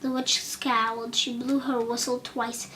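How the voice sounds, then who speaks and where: A woman narrating a children's storybook audiobook with expressive delivery and occasional slips. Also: on the high side, unhurried, a little hiss or hum.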